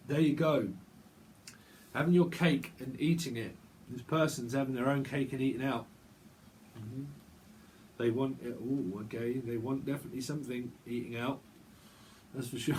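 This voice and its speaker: A man giving a casual tarot reading, chatty and rambling, with quick asides. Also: mid-range voice, darkish tone, a little hiss or hum. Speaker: tarot reader.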